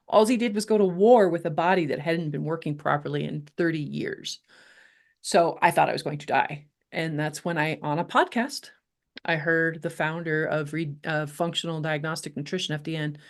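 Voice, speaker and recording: Candid, animated middle-aged woman guest. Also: lowish voice. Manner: candid, animated, laughs often, swears casually. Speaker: podcast guest, health coach. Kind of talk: casual interview storytelling.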